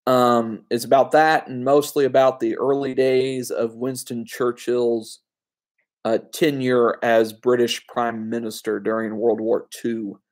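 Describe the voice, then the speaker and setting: A man's voice: medium pitch, flat delivery, measured pace. Casual man reviewing movies. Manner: conversational, frequent fillers and asides. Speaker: film reviewer.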